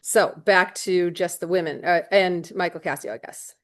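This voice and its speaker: A woman's voice: fairly low pitch, moderate pace, a bit bright. A woman teacher explaining a play to her class in a casual, chatty way, retelling lines in modern slang.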